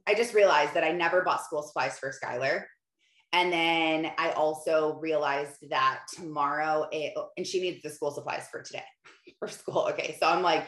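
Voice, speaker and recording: A woman's voice: sits low, moderate pace, echoey room. A woman in her thirties hosting a motivational podcast, talking casually and animatedly and acting out her own thoughts. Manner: chatty, animated, acts out her own inner voice. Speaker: podcast host.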